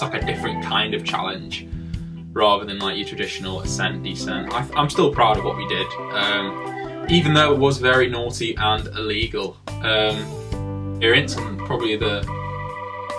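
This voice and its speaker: Male vlogger, young, bright tone, filler-heavy storytelling, a bit off-mic. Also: fairly low pitch, far from the mic. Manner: chatty, rambling, many "like" fillers. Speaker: travel vlogger. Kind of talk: casual storytelling narration.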